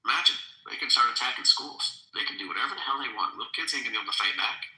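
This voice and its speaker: A man's voice: medium pitch, expressive, very fast, bright, forceful tone, roomy sound, rough recording. A man hosting a podcast in casual political talk, earnest and making his points with emphasis. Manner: earnest, building to alarmed emphasis. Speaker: podcast host.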